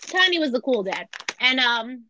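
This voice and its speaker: She's on the high side and very animated, with a sharp tone and normal speed, against slight background noise. As a podcast co-host, she recounts a true crime story in a jokey, casual chat, voicing the quotes as she goes.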